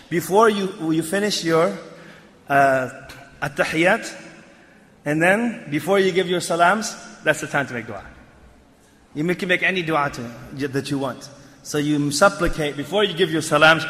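A man preaching a sermon, animated and rising to emphatic near-shouts, quoting Arabic phrases and explaining them in English. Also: a little high. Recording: long hall reverb.

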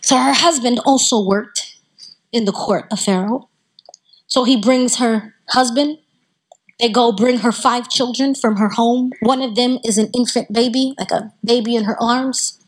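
A woman with a Southern US accent, telling a religious story in a lively way and acting out the voices of its characters. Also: fairly high pitch, husky, poor audio. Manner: animated, acts out voices in the story. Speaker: religious speaker. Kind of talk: Islamic storytelling talk.

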